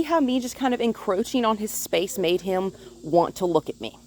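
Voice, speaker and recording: A woman dog trainer filming outdoors on a phone held in one hand, calmly explaining her methods and now and then talking to the dog in a high sing-song voice. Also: normal speed, few pauses. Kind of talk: instructional dog-training video. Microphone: phone held in one hand while filming.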